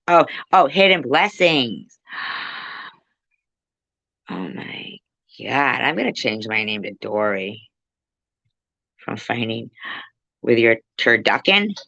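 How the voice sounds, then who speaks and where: A woman's voice: very deep voice, very animated, takes it slowly, gravelly, long pauses, bright, forceful tone, dry recording. A woman hosting a casual livestream, teasing and joking with her viewers. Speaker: livestream host. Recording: dull lo-fi sound.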